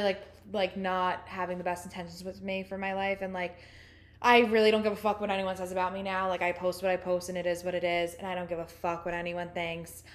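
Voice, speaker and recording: A woman co-hosting a podcast in casual chat, talkative and full of fillers, laughing often. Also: mid-range voice. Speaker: podcast co-host.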